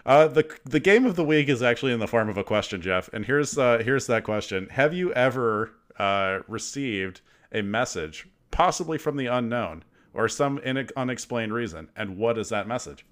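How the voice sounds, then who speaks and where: A man's voice: mid-range voice, lively intonation, normal speed, hardly any pauses, a bit bright. A man co-hosting a podcast in casual chat, joking and restarting his sentences. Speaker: podcast co-host.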